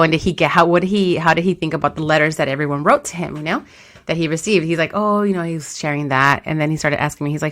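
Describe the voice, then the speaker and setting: A woman co-hosting a podcast, telling an animated story, acting out quotes and laughing often. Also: sits low, fast. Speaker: podcast co-host. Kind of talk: casual chat.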